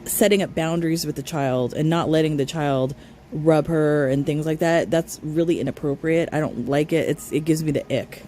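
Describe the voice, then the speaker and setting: A woman's voice: low voice, fairly even intonation, moderate pace, dark tone, slight background noise. A woman hosting a reaction channel, cutting in with blunt, scornful, sarcastic remarks. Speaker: commentary channel host.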